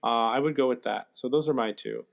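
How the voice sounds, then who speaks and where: A man co-hosting a podcast in casual chat, talking in a halting way with many filler sounds. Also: medium pitch, sing-song, creaky. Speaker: podcast co-host.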